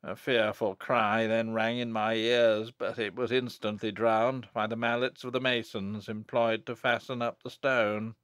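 A man reading a gothic novel aloud in a measured, grave manner. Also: fairly low pitch, level tone, a bit bright, dry recording, clean studio sound. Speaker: audiobook narrator. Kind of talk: scripted narration.

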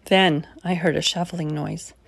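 A woman reading a children's picture book aloud as the storytime host, slow and deliberate. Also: sits low, steady tone, creaky, dry recording, studio quality. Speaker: storytime reader.

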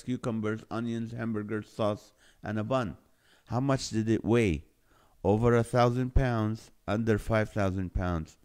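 Here's a middle-aged live stream host with a somewhat low, slightly mellow voice. He reads viewer comments out loud in easygoing chat, playful and joking, laughing a lot at the humor.

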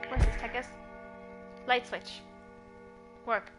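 A woman streaming a horror game live, hoarse and laughing often as she chats to viewers and a friend. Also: on the high side, steady tone, slow, over music. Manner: giggly, chatty, talks to viewers. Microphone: earpiece headset.

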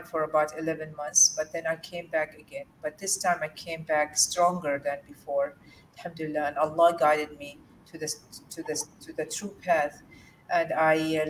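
A woman from Jordan, a guest in an interview, telling a personal story in an earnest, halting way with many fillers and restarts. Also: low voice, steady tone, slight background noise. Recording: distant mic with faint room ambience.

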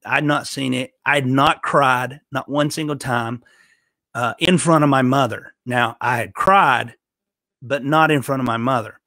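A man telling a personal faith story in an earnest, halting way, often restarting his sentences. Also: medium pitch, bright, forceful tone, no echo. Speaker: podcast host telling a personal testimony. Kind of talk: emotional storytelling testimony.

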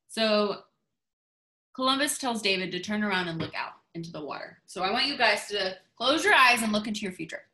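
A woman's voice: mid-range voice, bright, forceful tone. A woman giving a motivational talk to her team over a video call, in a chatty, gushing way. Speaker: team leader.

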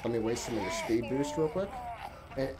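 A woman streamer talking to herself through a game, profane and animated, thinking aloud. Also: very deep voice, a little fast. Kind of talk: gaming livestream commentary.

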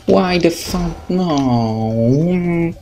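Slow gravelly man with a Polish accent. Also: a little high, lively intonation, dark tone. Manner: swears a lot, angry outbursts and sarcasm. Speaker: gaming video creator. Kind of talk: frustrated gameplay commentary. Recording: faint game music behind.

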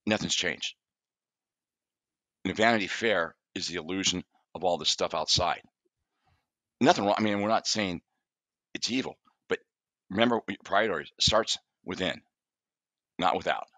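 This middle-aged therapist, a podcast guest, talks at normal speed in a low voice with long pauses, and there's no echo. He relates stories from his practice with animation, performing his clients' dialogue during the conversational interview.

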